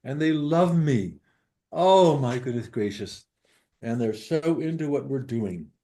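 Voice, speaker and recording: Slow-spoken playful older man. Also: medium pitch, expressive, mellow, a little hiss or hum. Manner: playful and exclamatory, reads verse slowly and deliberately. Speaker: featured poet and high school teacher. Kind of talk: poetry reading at an open event.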